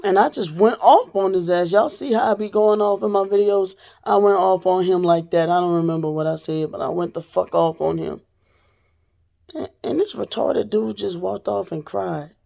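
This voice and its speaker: Brief: adult woman vlogger, gravelly fry, mid pitch, blunt profane storyteller who swings from low to loud. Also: moderate pace. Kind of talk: casual storytelling to the camera.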